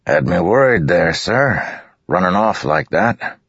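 A man's voice: sits low, big pitch swings, slow, vocal fry, a bit bright, husky, no echo, highs cut off, pitched above the performer's own voice, heavily acted. A man voicing a wary male soldier, a loyal second-in-command who questions his leader in a storybook. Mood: doubtful. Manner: questioning, doubtful.

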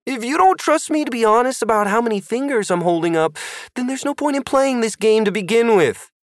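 A man's voice: very high-pitched, animated, fairly quick, no echo, studio quality, pitched above the performer's own voice. A man voicing a fussy, playful young male wizard who talks in a prim, precise way.

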